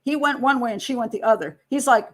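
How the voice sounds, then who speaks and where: A woman's voice: a little high, fast. A woman hosting a true crime show, analyzing a case in conversational commentary and acting out quotes to argue her points. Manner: conversational, argumentative, acts out quotes. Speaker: true crime profiler host.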